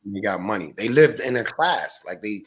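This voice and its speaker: A man's voice: fairly low pitch, expressive, normal speed, fairly bright tone. A man guest on a podcast, a stock trader, talking in a slangy, profane, rambling way. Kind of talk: casual podcast chat.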